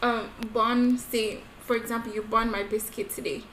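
Higher-voiced young woman, echoey room. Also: normal speed. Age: 20s. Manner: expressive, laughs easily, uses examples. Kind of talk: casual chat. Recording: echoey room with faint noise.

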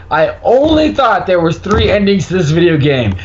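A man with a fairly high voice tells a story in an animated, swearing way during casual podcast chat. The sound is dull and lo-fi, with a faint hiss in the background. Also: normal speed, hardly any pauses. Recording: dull lo-fi recording, faint noise.

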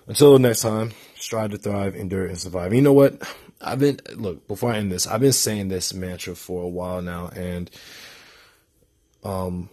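A tired young man rambles casually to his vlog audience, stopping and restarting his thoughts. His voice is low and husky, and it stays flat, with little rise and fall. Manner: rambling and hesitant, with many restarts and fillers. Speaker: vlogger. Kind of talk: casual late-night vlog talk.

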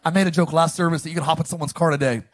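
A man preaching a sermon as pastor, reading scripture and calling the congregation to repeat after him, with sudden loud, animated bursts. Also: on the high side, racing, slight background noise. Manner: call-and-response, animated with sudden loud lines.

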